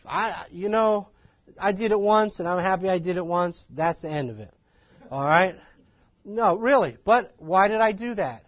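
Man, folksy lecture voice, fairly high pitch, dry and dull lo-fi recording. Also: moderate pace, no room sound. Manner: animated, folksy, self-deprecating. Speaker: ministry trainer. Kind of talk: informal lecture to a live class.

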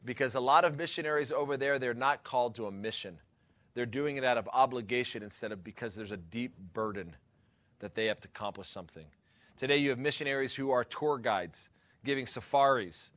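Bright-voiced animated preacher man. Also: mid-range voice, brisk, no echo. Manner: earnest, rambling, breaks into laughter and exclamations. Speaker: pastor. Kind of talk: teaching talk on missions.

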